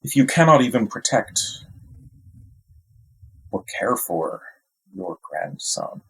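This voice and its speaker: A man playing a tabletop game, speaking in character in a slow, solemn, accusing way. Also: medium pitch, huge pitch swings, creaky, breathy edge, poor audio. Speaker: player.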